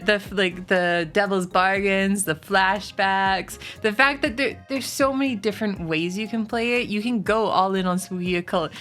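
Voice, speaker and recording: Woman streamer, casual chatty ranter, bright tone, faint music behind. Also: mid-range voice. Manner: chatty, swearing, animated rants. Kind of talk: casual stream chat, reading chat.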